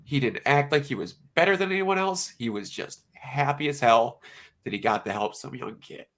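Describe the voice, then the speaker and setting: Bright-voiced man telling a heartfelt story. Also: mid-range voice, normal speed. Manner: emotional, animated storytelling. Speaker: podcast co-host. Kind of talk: casual chat.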